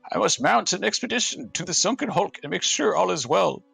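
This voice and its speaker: A man's voice: lively intonation, a little fast, vocal fry, a bit bright, husky, dry recording, soft background music, full character voice, low-quality recording. A grave, fretful old mage reads out his journal entries in a thin, raised voice, as a man puts him on. The delivery swoops with feeling, and the recording is close and dry. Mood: fearful. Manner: solemn old-man reading voice, higher than his own.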